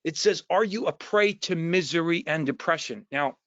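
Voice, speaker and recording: New Jersey man, pitched a bit high, halting recovery share with restarts, lo-fi online call. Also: a bit bright, dry recording. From New Jersey, USA. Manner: earnest, repetitive, many restarts and fillers. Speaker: recovery meeting speaker. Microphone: video call mic. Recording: dull, lo-fi dry online call audio.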